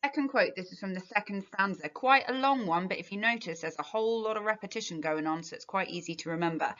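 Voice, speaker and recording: A woman with an English accent, a literature teacher giving a revision lesson with clear, emphatic explanations. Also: medium pitch, fast talker, hardly any pauses, fairly bright tone. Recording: dull lo-fi sound.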